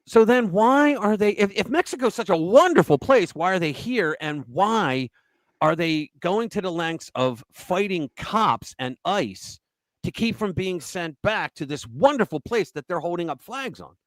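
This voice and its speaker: Middle-aged male host, sarcastic live commentary, lively swooping pitch, fairly high voice, close dry sound. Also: measured pace, no echo. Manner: animated, sarcastic, reads headlines aloud.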